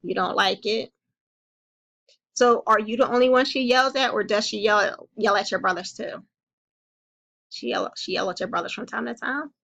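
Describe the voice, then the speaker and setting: A woman playing a calm, caring counselor who gently comforts and reassures a young child in a role-played session. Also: medium pitch, normal speed, creaky, pauses often, dull audio. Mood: gently probing.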